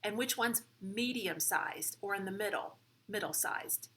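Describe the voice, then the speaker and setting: A woman teaching preschoolers in a classroom, speaking clearly and instructively, one step at a time. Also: mid-range voice, a little slow, sharp tone. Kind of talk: children's lesson.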